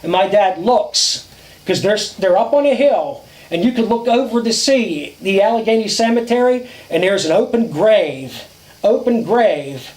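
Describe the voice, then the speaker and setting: A man casually telling a ghost story outdoors at a campfire, dramatic and drawn-out, with swearing. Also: high voice, lively intonation, darkish tone, reverberant, poor audio.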